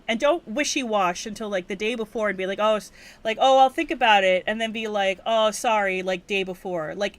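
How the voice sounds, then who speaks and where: A young woman from Hawaii, with a medium-pitched and slightly bright voice, chats casually on a game livestream. She curses freely and gets worked up as she rants.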